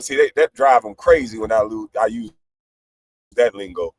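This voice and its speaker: A man ranting on a live stream panel in a brash, profane way. He swings between loud outbursts and low, laughing asides. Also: animated, moderate pace, low-quality recording. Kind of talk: heated livestream rant.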